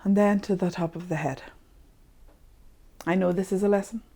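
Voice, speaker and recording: A woman leading a guided tapping session, speaking slow, repetitive affirmations. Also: fairly low pitch, fairly even intonation, dark tone.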